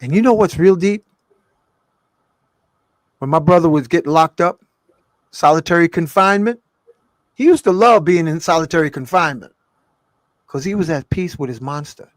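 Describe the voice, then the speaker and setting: A man co-hosting a casual spiritual talk, speaking in an emphatic, slangy way that swings from soft to loud. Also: on the high side, lively intonation, moderate pace, long pauses, no room sound.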